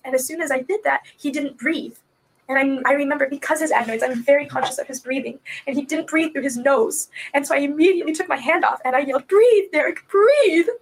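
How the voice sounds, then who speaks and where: A very high-pitched woman speaks in a recorded police interview. She is distraught and soft-spoken, and her voice keeps cracking with tears as she recounts what happened. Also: fast, a little hiss or hum, poor audio. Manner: soft-voiced, quiet when upset. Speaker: mother being questioned by police.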